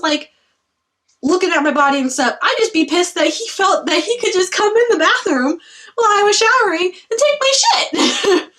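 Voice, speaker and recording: Young female book reviewer, casual and exasperated, higher voice, slightly distant mic. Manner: animated, exasperated retelling with frequent "like" and laughs. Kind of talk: casual chat.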